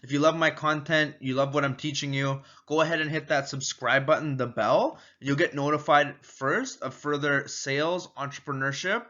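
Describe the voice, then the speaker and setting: Male sales trainer, bright and punchy, casual and repetitive delivery, slightly muffled lo-fi recording. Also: on the high side, normal speed, hardly any pauses. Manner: energetic, repetitive, acts out little door-step exchanges. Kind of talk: casual teaching video.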